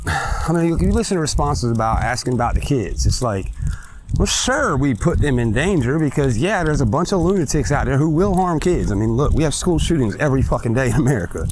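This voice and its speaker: A man of middling pitch delivers a blunt, profane rant, pressing his points hard. He talks while walking outdoors in a park, slightly out of breath, with faint noise in the background. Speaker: podcast host. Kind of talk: ranting monologue. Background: faint traffic and kids.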